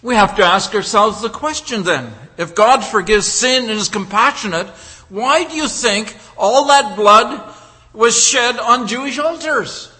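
A man preaching a sermon, building his points through deliberate rhetorical questions. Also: high voice, bright, forceful tone, long reverb tail.

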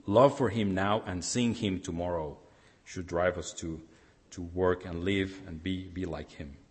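A man's voice: low voice, steady tone, measured pace, big-room sound. A man preaching a sermon as pastor, earnest, often repeating and restarting phrases for emphasis.

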